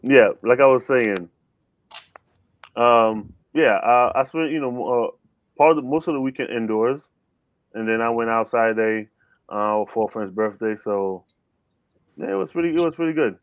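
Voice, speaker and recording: A man's voice: mid-range voice, normal speed, pauses often, dry recording. A man co-hosting a casual sports chat, rambling and teasing. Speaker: co-host.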